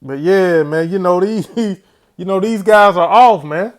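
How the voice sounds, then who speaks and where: Male host with a high voice, preaching-style commentary, says "man" after his phrases. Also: a little slow. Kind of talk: religious commentary.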